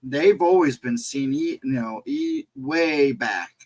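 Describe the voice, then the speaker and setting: A man co-hosting a casual livestream who talks in an unhurried, deliberate way. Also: mid-range voice, darkish tone. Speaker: livestream co-host.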